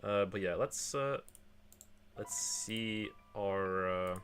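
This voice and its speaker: A man's voice: fairly low pitch, slow, fairly bright tone, faint music behind. A male game streamer chatting casually at home, rambling with lots of fillers and restarts. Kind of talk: casual chat while gaming.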